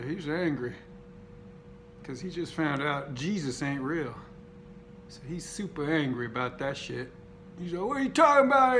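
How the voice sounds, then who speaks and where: A man hosting a casual unboxing vlog, cracking crude, profane jokes with deadpan self-mockery. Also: on the high side, a little hiss or hum. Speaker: video host.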